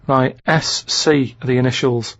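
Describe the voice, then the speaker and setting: A man's voice: medium pitch, steady tone, a bit bright, no room sound. A man with a Manchester accent chatting casually on a comedy podcast, rambling and restarting his sentences. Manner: rambling, repeats himself, halting restarts. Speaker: regular guest, diary and quiz reader. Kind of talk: casual comic chat. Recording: muffled dry studio sound.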